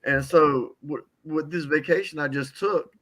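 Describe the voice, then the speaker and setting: A man's voice: fairly high pitch, a bit bright. Older guy choked up sharing his testimony, stumbles and repeats himself, heartfelt. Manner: heartfelt, repeats words, halting. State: tearful. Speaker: caller giving a testimony. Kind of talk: emotional testimony.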